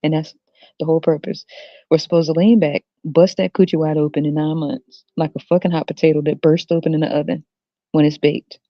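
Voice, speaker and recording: A podcast host delivers a crude, profanity-laced solo rant, speaking directly to her viewers and laughing often. Her voice is low with little pitch movement and a slightly fast pace. The lo-fi recording sounds dull, dry and close, with no room echo.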